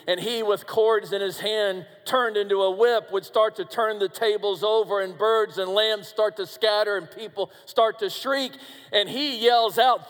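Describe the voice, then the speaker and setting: A man delivers a sermon in a high, unhurried voice, pausing on his lines. He swings from booming declarations to near-hushed pleas and speaks to his listeners as friends. A long reverb trails each phrase, as if in a large hall. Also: steady tone. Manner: addresses listeners directly as friends. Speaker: preacher.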